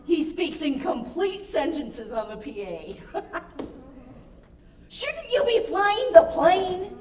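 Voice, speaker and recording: A woman plays a flustered wife on a plane, hiding a lover and laughing her way through it. Her voice sits high and swoops around a lot. It is picked up from far off in an echoey theater with faint noise. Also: big pitch swings, slow pace, a little mellow, faint music behind, exaggerated voice. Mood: wry. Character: flustered married woman passenger hiding an affair. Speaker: stage actor. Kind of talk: live stage comedy. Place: theater stage.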